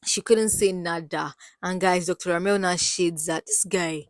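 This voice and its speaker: A woman with a Nigerian accent recapping a reality show in a casual, gossipy way, animated and full of exclamations. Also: on the low side, normal speed, no echo. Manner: animated, exclamatory, swinging loud and soft.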